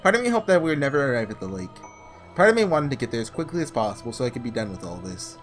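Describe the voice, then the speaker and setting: A man reading aloud the halting first-person narration of a guilt-ridden young man in a visual novel. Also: mid-range voice, big pitch swings, soft background music, lightly acted.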